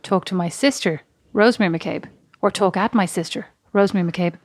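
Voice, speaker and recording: A woman's voice: medium pitch, brisk, no echo. A young woman co-hosting a podcast, bantering with sardonic, mock-pompous humour. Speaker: podcast co-host. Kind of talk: casual chat.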